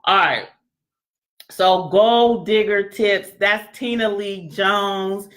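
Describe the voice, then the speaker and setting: A loud, chatty woman hosts a casual book club talk. She jokes, laughs often and slips into little acted-out voices as she walks through a website. Her pitch sits at an ordinary middle height. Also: slow. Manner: chatty, joking, acts out quoted voices. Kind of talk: casual chat presenting a website.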